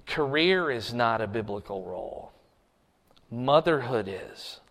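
A man preaching a sermon from the pulpit as pastor, swelling in pitch and force on key phrases. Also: lively intonation, slow pace, a bit bright, in a large hall. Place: church sanctuary.

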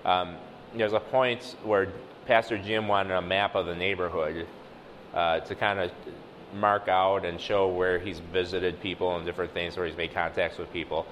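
Low-voiced man preaching conversationally. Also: little pitch movement, moderate pace, fairly bright tone, long reverb tail, a little hiss or hum, low-quality recording. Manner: conversational, many fillers, acts out quoted dialogue. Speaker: lay preacher. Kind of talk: casual sermon teaching.

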